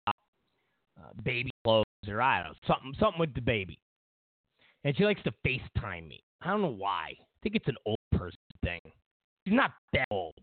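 Male commentary host, lively pitch swings, rambling opinionated monologue, dry thin phone-quality sound. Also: vocal fry, no echo. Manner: meandering storytelling with many fillers and restarts. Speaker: host of political commentary show.

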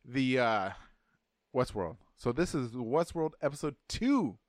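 A man's voice: mid-range voice, lively intonation, measured pace, no echo, clean studio sound. A man co-hosting a podcast in casual chat, laid-back and joking, rambling a little. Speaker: podcast co-host.

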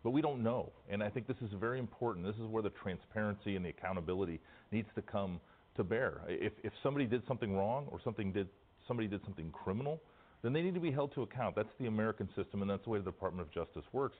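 A man answering questions in a news interview, measured but often restarting his phrases. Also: lowish voice, lively intonation. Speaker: interview guest, former official. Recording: thin phone-like broadcast clip.

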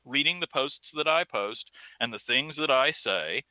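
A man's voice: mid-range voice, unhurried, no room sound. A male show host ranting sarcastically, with frequent swearing. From Texas. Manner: profane, sarcastic, animated. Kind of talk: ranting monologue. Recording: tinny phone-like sound.

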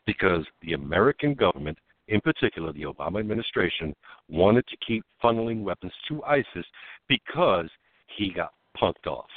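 A man with a deep voice that swings widely in pitch, co-hosting a political talk radio show. He tells stories in an animated way and laughs as he goes. His voice comes through a narrow, phone-like line with no room sound. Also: no echo.

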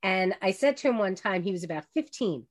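A woman's voice: mid-range voice, lively intonation, fairly quick, no room sound, clean studio sound. A woman radio host in a casual interview, chatty and sharing family stories. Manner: chatty, shares stories about her sons.

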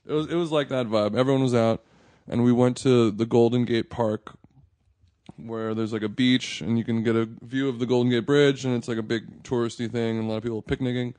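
A man's voice: medium pitch, fairly even intonation, a little fast, a little mellow, no echo. A man hosting a food podcast, telling stories and joking in casual chat with friends. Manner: joking, storytelling. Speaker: podcast host.

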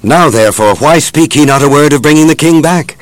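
A man's voice: a little high, fairly quick, no echo, pitched above the performer's own voice, natural voice. A man voicing a crowd of townsfolk who urgently argue for their king's return. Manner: urgent, rising protest. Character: crowd of arguing townsfolk, spoken as one.

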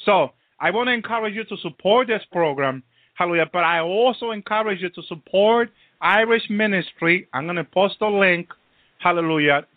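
High-voiced preacher on a tinny line. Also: male voice, moderate pace, no echo. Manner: constant hallelujahs and praise interjections, repetitive. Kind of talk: preaching sermon. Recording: tinny phone-like line, dry.

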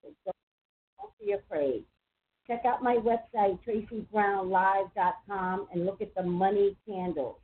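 A woman hosting a psychic call-in show, chatty and emphatic, with quick asides to her listeners. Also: mid-range voice, steady tone, a little hiss or hum. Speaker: psychic radio host. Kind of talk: casual call-in talk. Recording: tinny phone-line sound.

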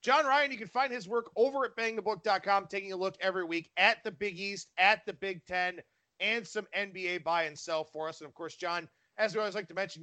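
A man hosting a sports betting radio podcast, talking casually and briskly with his guest. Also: high-pitched, bright, forceful tone.

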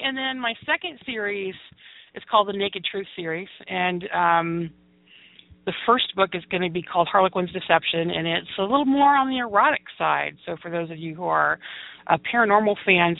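A woman's voice: lowish voice, gravelly, no room sound. A woman hosting a casual talk show, bubbly and flirty, laughing often. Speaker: podcast host. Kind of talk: casual chat. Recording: dry phone-line sound.

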